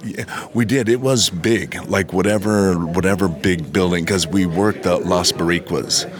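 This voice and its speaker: A man's voice: sits low, normal speed, a crowd in the background. An older man, a wrestler, answering interview questions in a laid-back, rambling way with easy laughs. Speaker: wrestler guest. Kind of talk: casual interview.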